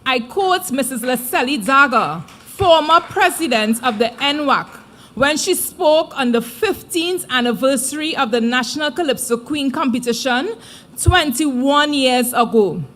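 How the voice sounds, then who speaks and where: A woman giving a formal prepared address at a live event, measured and deliberate. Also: sits high, animated, fairly bright tone. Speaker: committee speaker.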